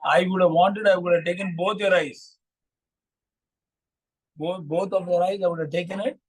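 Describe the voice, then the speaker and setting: A man's voice: sits high, steady tone, moderate pace, husky. A man voicing an old female woodpecker, in his own plain storytelling voice with repeated words. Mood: stern. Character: old female woodpecker, bargaining then stern.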